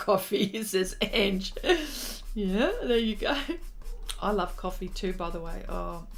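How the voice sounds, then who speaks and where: A middle-aged woman artist hosting a livestream, reading viewers' comments aloud and chatting back with lots of fillers. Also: medium pitch. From lives in Texas. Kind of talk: casual livestream chat while drawing.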